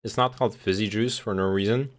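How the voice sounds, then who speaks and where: A man with a lowish voice talks loosely to his stream audience, swearing and chuckling as he goes. His delivery is casual and offhand, as if he is eating while he talks. He sounds relaxed and talkative. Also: fast talker. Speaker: livestreamer reacting to a video. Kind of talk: casual chat.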